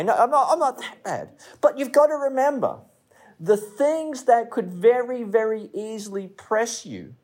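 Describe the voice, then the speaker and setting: Conversational preacher man. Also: high-pitched. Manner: conversational, repeats phrases, restarts mid-sentence; tells stories and jokes lightly. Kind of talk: sermon.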